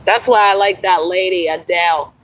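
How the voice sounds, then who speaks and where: A woman's voice: on the low side, fairly even intonation, normal speed, a bit bright, distant mic, poor audio. A middle-aged woman chatting casually on a livestream, rambling and laughing often, calling listeners honey. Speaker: livestream host.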